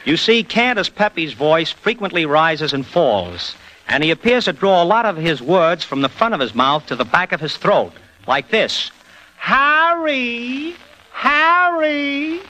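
A man's voice: a little high, very animated, moderate pace, sharp tone, poor audio. A man as a guest on a scripted vintage radio interview, explaining his craft in a jokey way.

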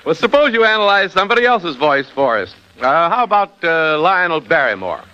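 A man hosting a scripted vintage radio show, asking questions as a brisk straight man. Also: fairly high pitch, big pitch swings, pushed and bright, clean tone. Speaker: radio host. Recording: dull old radio recording.

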